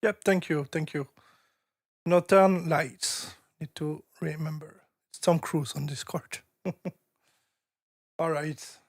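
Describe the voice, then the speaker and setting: A man hosting a livestream in a relaxed, slow, casual way, often a little away from the mic. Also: a little high. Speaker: livestream host.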